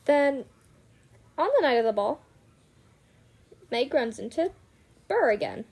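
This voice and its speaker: Woman retelling a book plot, chatty, lots of like and swearing, kinda high voice. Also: expressive, slow pace, gravelly, darkish tone, husky. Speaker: book vlogger. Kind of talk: casual book recap.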